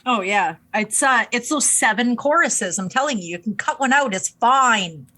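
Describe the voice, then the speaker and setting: A woman with a slightly high voice co-hosts a casual album review podcast. She talks hesitantly, restarts her sentences and giggles easily as she gives her opinions. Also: lively intonation, normal speed, bright, forceful tone. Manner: hesitant, giggly, self-correcting. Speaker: podcast co-host.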